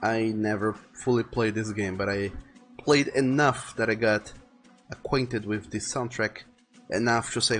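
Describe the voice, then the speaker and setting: A man's voice: on the low side, fairly even intonation, measured pace, a bit bright. A man chatting casually while drawing on a live stream, rambling and thinking aloud, often repeating words as he goes. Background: faint music playing.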